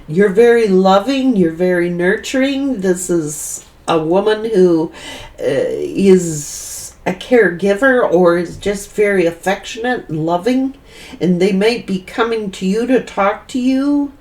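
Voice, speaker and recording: A woman's voice: medium pitch, distant mic. A woman giving a tarot reading, rambling and repeating herself as she thinks aloud. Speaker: tarot reader.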